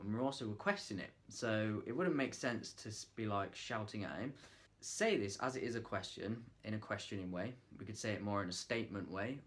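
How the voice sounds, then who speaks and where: A man's voice: lowish voice, a bit bright. A man talking casually to camera, giving acting tips in a loose, chatty way with lots of fillers, trying out lines in different ways. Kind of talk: casual vlog tutorial.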